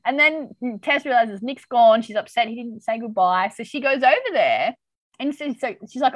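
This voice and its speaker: Speaking at normal speed in a voice on the high side, a woman hosts a podcast and retells a TV episode, chatting casually and performing the characters' quotes with animation. There's no echo, though the recording is rough.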